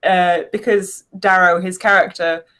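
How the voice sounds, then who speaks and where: A woman, a dice maker, telling a story in an interview with an animated, giggly manner. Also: on the low side, measured pace. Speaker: dice company founder. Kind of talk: casual interview answers.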